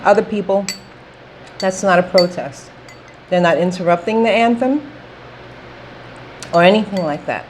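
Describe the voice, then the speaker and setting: A woman's voice: medium pitch, unhurried, long pauses, slight background noise, poor audio. A woman talking straight to camera in a casual opinion vlog, emphatic and repetitive, checking in with "okay?". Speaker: vlogger.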